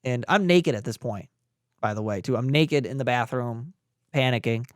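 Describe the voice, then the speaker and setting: A man's voice: medium pitch, moderate pace, no room sound, studio quality. A young man, a podcast co-host, casually telling a story and acting out the voices of the people in it. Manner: animated, acts out voices in the retelling.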